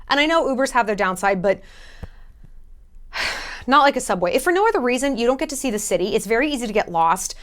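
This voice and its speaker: A woman's voice: on the high side, a bit bright. A woman travel vlogger giving casual advice in a blunt, jokey, sometimes profane way.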